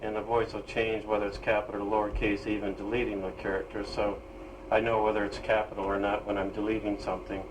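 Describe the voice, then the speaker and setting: A man demonstrating his own screen reader program, explaining it in a halting way with pauses and fillers. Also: fairly low pitch, level tone, a little hiss or hum, poor audio. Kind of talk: casual software demonstration.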